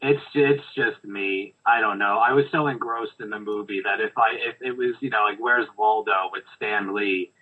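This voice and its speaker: A man's voice: lowish voice, fairly even intonation, moderate pace, few pauses, breathy edge. A man co-hosting a casual movie review podcast, rambling and hesitant, heard over a tinny phone-like line. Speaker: podcast co-host.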